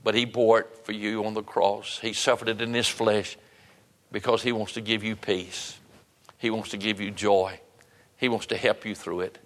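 A man's voice: fairly low pitch, little pitch movement, moderate pace, fairly bright tone. Man, pastor, sermon, earnest, repetitive pleading, long hall reverb. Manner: earnest, pleading, repeats phrases. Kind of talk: sermon with altar call.

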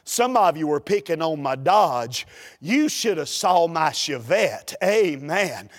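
A preacher spins a comic tale from the pulpit in an animated, folksy way. His voice runs high for a man, and he takes his time. A long reverb from the church hall hangs on every line. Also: slow pace. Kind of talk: humorous sermon storytelling.

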